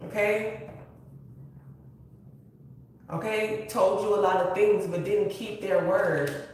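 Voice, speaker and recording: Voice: medium pitch, steady tone, takes it slowly, a little mellow. A tarot reader giving an earnest, emotional reading, repeating key phrases in a casual spiritual style. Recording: very echoey room, distant mic, faint hiss.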